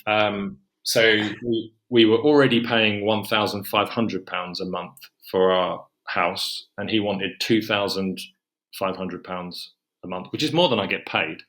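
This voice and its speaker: A man's voice: fairly low pitch, a little slow, a bit bright. A young man telling a personal story in a rambling, self-correcting way, as a guest on a podcast. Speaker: guest author.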